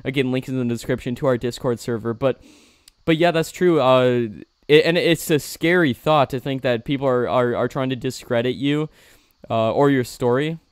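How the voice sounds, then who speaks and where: A man's voice: medium pitch, moderate pace, smooth, dry recording, studio quality. Upbeat young male stream host. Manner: upbeat, effusive thanks, repeats himself. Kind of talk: live-stream interview, reading viewer questions.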